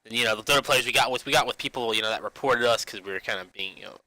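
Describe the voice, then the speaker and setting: A young gaming vlogger with a medium-pitched, very bright, sharp-edged voice talks fast, putting "you know" into nearly every phrase. His rambling rant has frequent restarts and casual swearing, and the poor audio is dry and close without room sound.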